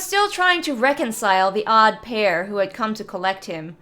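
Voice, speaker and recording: A woman reading a fantasy short story aloud in a steady, measured narrating voice. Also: medium pitch, faint music behind. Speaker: story reader.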